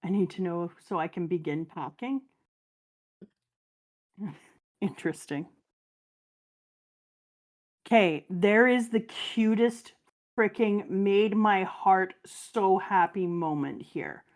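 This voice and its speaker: Casual, animated woman chatting on stream, quick to laugh. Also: medium pitch. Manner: animated storyteller, laughs often. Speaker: stream guest and mother. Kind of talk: casual chat.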